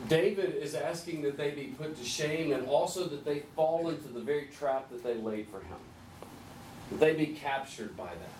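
A man leading a group Bible study, conversational and gently teasing, asking the group questions. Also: a little high, normal speed. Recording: echoey room, distant mic, faint hiss.

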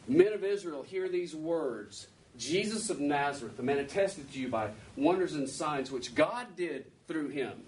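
A man's voice: fairly high pitch, a little mellow. Man preaching, heard from across the room. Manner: conversational, asks rhetorical questions. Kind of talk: sermon. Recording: distant mic with faint background noise.

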